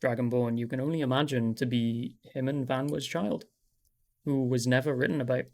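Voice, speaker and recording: A man narrating a tabletop game as game master, describing scenes in a relaxed way with many fillers. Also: medium pitch, fairly quick, vocal fry.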